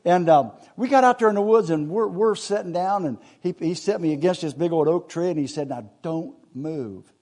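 A man's voice: high-pitched, a little fast, few pauses, warm tone. A man, telling a rambling hunting story in a casual, folksy way with laughs along the way.

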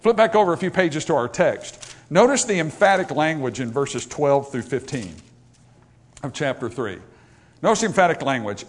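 A man preaching a sermon, emphatic, rising to loud, raised passages and dropping to quiet asides, reading scripture in old-fashioned wording. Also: on the high side, lively intonation, moderate pace.

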